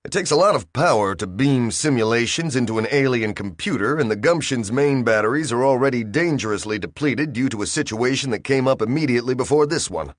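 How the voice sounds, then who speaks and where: A man's voice: mid-range voice, expressive, brisk, hardly any pauses, no echo, studio quality, voice pushed up, close to an everyday voice. A man reading a story aloud, voicing a strained, commanding male spaceship captain.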